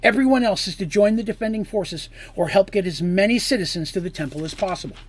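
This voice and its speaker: A man's voice: a little high, brisk, slightly rough, no room sound. A man voicing a fierce, commanding woman who is a queen and priestess, speaking with force.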